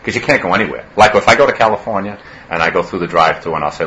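A campus police officer with a Boston accent, talking earnestly in an interview and often saying "you know". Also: male voice, low voice, fast, pushed and bright, a little hiss or hum, low-quality recording.

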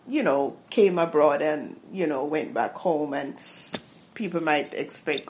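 Jamaican lady in her middle years chatting in an interview, fond and rambly, bit low pitched, faint hum behind. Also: animated, takes it slowly. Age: middle-aged. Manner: warm and nostalgic, lots of fillers and restarts. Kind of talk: casual reminiscing.

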